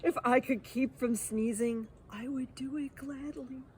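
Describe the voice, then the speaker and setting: A woman's voice: high-pitched, steady tone, unhurried, a little mellow, a little hiss or hum. A woman voicing a big fretful male elephant, with a wailing, anxious, pleading manner. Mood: apologetic, fretful.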